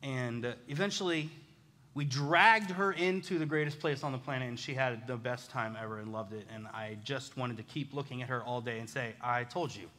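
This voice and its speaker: A man's voice: medium pitch, a little fast, pushed and bright. A man in his thirties preaching a sermon as a pastor, telling stories in a casual, self-deprecating way. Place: church sanctuary. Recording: echoey church hall.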